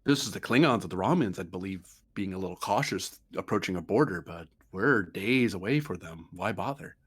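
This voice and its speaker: A man's voice: low voice, lively intonation, brisk, slightly rough. A man playing an online tabletop game, wry and thinking aloud with frequent fillers. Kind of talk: casual game chat.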